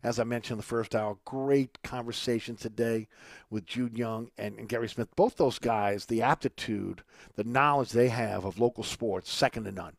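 Rambling radio host. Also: male voice, mid-range voice, moderate pace, creaky, dry recording. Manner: rambling, many fillers and restarts. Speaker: radio talk show host. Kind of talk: radio show host reading announcements and ad. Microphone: studio microphone.

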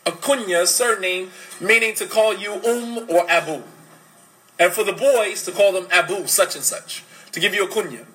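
A man's voice: high-pitched, sharp tone, low-quality recording. A man giving a religious lecture on parenting, emphatic and full of rhetorical questions. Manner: switches to fast Arabic recitation. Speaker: Islamic lecturer.

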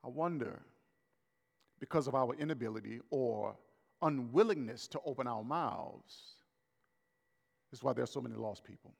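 A man preaching a sermon as pastor, swinging between loud raised lines and soft, slow emphatic words. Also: medium pitch, creaky, in a large hall. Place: church hall.

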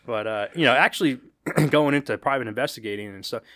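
A man's voice: mid-range voice, fast talker, no echo, clean studio sound. A man who is a podcast guest, a former delivery driver now in private investigation, telling stories in rambling casual chat. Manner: relaxed, rambling talker who quotes his own thoughts.

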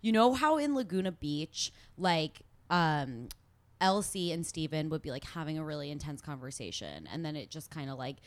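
A woman's voice: deep voice, animated, moderate pace, dry recording. A young woman co-hosting a podcast, chatting casually and laughing as she recaps a show. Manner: chatty, laughing, acting out quotes. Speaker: podcast co-host.

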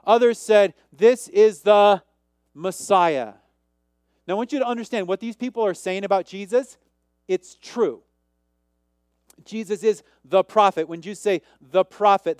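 A man preaching a sermon, emphatic, with sudden shifts in pace and loudness. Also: sits high, clear, resonant tone, no echo, studio quality. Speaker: pastor.

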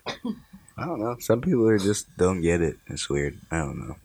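Male podcast co-host, low and lively voice, playful and teasing. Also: moderate pace, husky, no room sound. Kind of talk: casual chat.

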